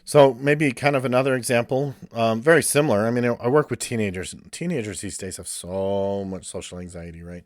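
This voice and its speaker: A man's voice: medium pitch, a little fast, hardly any pauses, no echo, studio quality. A male counselor giving a blunt, ranting podcast monologue and swearing freely.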